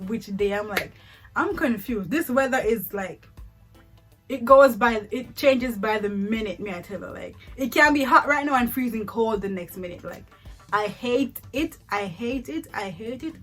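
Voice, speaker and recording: A young Jamaican woman chats in a relaxed vlog. She has a fairly high voice, laughs often and drifts into patois. Faint music sits under her talk. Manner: chatty, repeats words for emphasis, laughs often, slips into patois. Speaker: vlogger. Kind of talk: casual vlog comparing countries.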